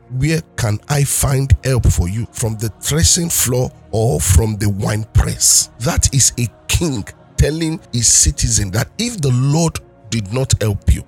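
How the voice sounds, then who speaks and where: Pastor, male, gravelly, fervent sermon over faint music. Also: mid-range voice, darkish tone. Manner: fervent preaching, repeating and calling out prayers. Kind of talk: sermon with prayer.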